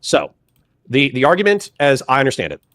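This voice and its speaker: A man's voice: medium pitch, wildly swooping pitch, a little fast, a bit bright, dry recording. A man hosting a debate discussion, talking in a wry, casual way with occasional swearing.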